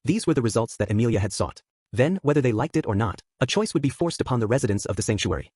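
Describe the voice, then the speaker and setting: A man narrating a light novel audiobook in a brisk, even reading. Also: mid-range voice, husky, no echo, clean studio sound. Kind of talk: scripted narration.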